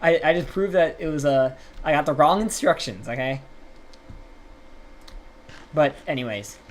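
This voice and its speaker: A man's voice: a little high, measured pace. A young man telling a rambling, profane story while streaming a game live.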